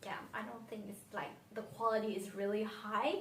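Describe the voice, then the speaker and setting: A woman's voice: medium pitch, fairly even intonation, normal speed, a little hiss or hum. A young woman from Vietnam, a non-native English speaker, talking through her favourite perfumes in a dreamy, reflective way that often trails off. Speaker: beauty vlogger. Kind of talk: casual fragrance review. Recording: roomy echo, slightly distant from mic.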